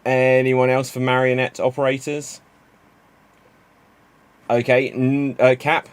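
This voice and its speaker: A man hosting an online improv comedy show, telling quick joke setups and calling on players with a laugh. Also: medium pitch, flat delivery, smooth, dry recording. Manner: chatty, laughs at jokes, quick to move on.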